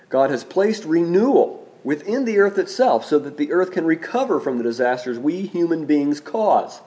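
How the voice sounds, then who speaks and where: A man delivers a sermon from the pulpit in a slightly higher than usual voice. He speaks in a measured way and slows down to repeat key phrases for emphasis. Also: warm tone. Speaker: preacher.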